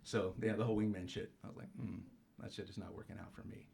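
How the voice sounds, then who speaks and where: A male stand-up comedian doing a profane, brash set on stage, jumping into loud mocking voices for punchlines. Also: deep voice, fairly even intonation, quick pace, creaky, crowd noise. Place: comedy club stage with live audience. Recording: live club recording with audience noise.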